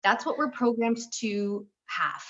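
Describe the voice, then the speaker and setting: A woman with a fairly high voice talks through a conversational interview as a relationship coach. She is animated and slips into playful voices when she quotes people. The sound is a little dull and lo-fi. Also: a little slow.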